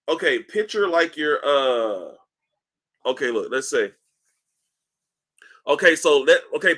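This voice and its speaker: A man hosting a casual livestream, reading comments aloud in a loose, profane, animated way while in back pain. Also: fairly high pitch. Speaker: livestream host. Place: indoors at home, seated.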